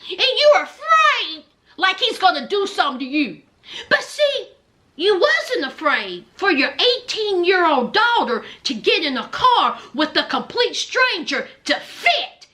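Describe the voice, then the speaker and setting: Sassy high-voiced woman roasting reality TV. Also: bright, forceful tone. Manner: sassy, blunt and mocking, slipping into low muttered asides. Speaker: reality-show recap commentator. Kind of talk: comedic reaction commentary.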